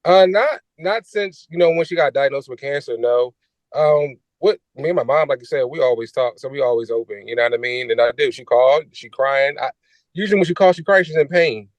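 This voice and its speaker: A man's voice: medium pitch, fairly quick, no echo, rough recording. A young man with a Philadelphia accent, a son and interview guest, talking in a casual, reassuring way. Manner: casual, reassuring, plain-spoken. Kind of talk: interview talk.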